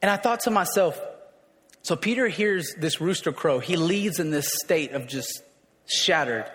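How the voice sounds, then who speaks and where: Brief: male preacher, high voice, chatty sermon delivery with emphatic swells, long hall echo. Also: measured pace, a bit bright. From raised in a city.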